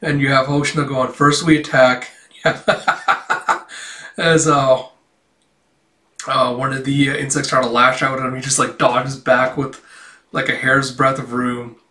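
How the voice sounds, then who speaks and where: A man's voice: medium pitch, little pitch movement, normal speed, sharp tone. A man casually reading through a manga chapter and commenting, chuckling often and leaning on fillers as he quotes the dialogue. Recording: roomy, a bit distant from mic.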